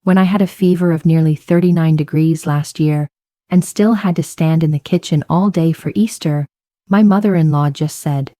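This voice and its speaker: A woman narrating a first-person story in a calm, measured way. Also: sits low, dry recording, clean studio sound.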